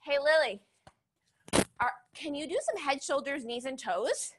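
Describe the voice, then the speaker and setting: A woman's voice: high voice, unhurried, over music. A young woman leading a children's movement class, playful and encouraging, with a sing-song teacher manner. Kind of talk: upbeat children's class with music. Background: children's song playing faintly.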